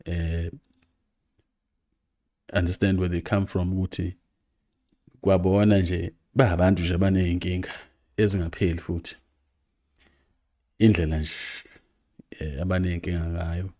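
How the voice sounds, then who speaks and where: A man's voice: low voice, level tone, normal speed, pauses often, mellow. A man giving reflective, hesitant commentary, switching between languages. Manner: reflective, hesitant, many fillers. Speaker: commentator host.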